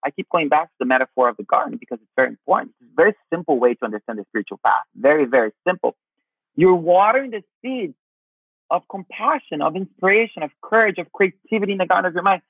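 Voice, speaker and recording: Guy talking spiritual stuff, calls you honey, husky, sounds like a phone line. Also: on the high side, fast talker, no room sound. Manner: expressive, swears casually, calls people honey. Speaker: spiritual teacher guest. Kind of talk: casual spiritual advice chat. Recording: tinny phone-like line, dry.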